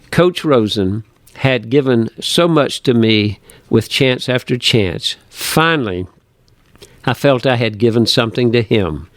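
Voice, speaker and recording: Brief: man narrating his own book, earnest and measured, dry close sound, mid-range voice. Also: medium pitch, lively intonation, dry recording. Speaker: author reading his book. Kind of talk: reading narration.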